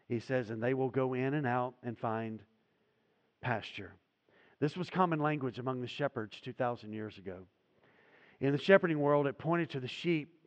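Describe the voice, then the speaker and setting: A man preaching from the pulpit, his voice rising to loud, emphatic peaks and falling away to quiet, low endings. The sound carries a long reverb tail, as if heard in a large sanctuary. The audio is a little dull and muffled. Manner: preaching with dramatic swells and drops in volume. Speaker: pastor. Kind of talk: sermon. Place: church sanctuary.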